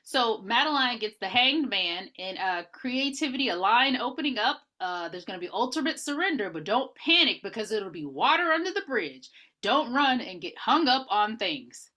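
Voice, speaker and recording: Lively bright-voiced woman podcaster. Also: a little high, normal speed. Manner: animated storytelling with playful asides. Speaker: podcast co-host. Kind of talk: casual movie recap chat.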